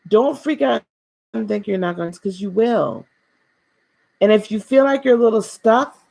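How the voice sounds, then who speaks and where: A woman leads an inspirational spiritual talk on a live stream. Her delivery is gentle and preacherly. She repeats key phrases for emphasis and speaks warmly and directly to her viewers. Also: medium pitch. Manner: speaks directly to viewers, calls them beloved.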